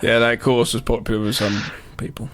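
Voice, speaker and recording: A man's voice: mid-range voice, level tone, a little fast, a bit bright. A man co-hosting a podcast, making incredulous, jokey and sweary remarks about a film. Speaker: podcast co-host. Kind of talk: casual film banter.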